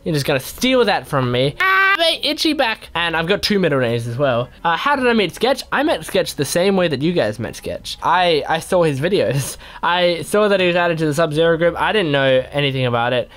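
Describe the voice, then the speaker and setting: A young man chats loosely through fan questions, rambling and poking fun at himself. His voice sits a little high for a man. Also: animated, fairly quick, hardly any pauses, a bit bright. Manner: rambling, playful, self-mocking. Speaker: YouTube gamer answering fan questions. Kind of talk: casual Q&A chat.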